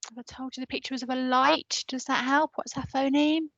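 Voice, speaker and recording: A woman's voice: high-pitched, steady tone, a bit bright, no room sound, highs cut off. A woman teacher leading an online phonics lesson for parents, patiently sounding out letters and asking listeners to repeat after her. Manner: patient, sounds out letters slowly and prompts repetition.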